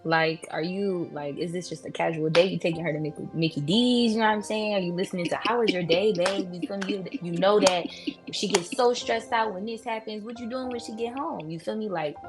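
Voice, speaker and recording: A woman's voice: mid-range voice, fairly quick, music in the background. A woman making her case in a casual debate, assertive and pointed, pressing with questions. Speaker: debate contestant.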